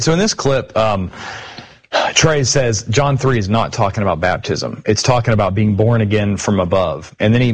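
A man's voice: lowish voice, breathy edge. A man hosting a casual discussion of scripture, retelling past exchanges in a conversational way. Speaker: podcast host.

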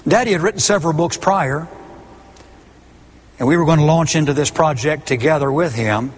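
A man's voice: on the high side, normal speed, husky. A middle-aged man preaching a sermon, stressing his points by repeating key words. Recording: long hall reverb.

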